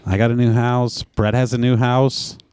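A man co-hosting a podcast, telling a funny story in casual chat and acting out his own shouts. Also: mid-range voice, level tone, normal speed, clean tone, dry recording. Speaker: podcast co-host.

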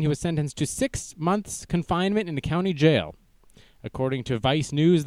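A man's voice: fairly high pitch, darkish tone, dry recording. A young man hosting a casual livestream news show, joking and self-deprecating as he goes. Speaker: news stream host.

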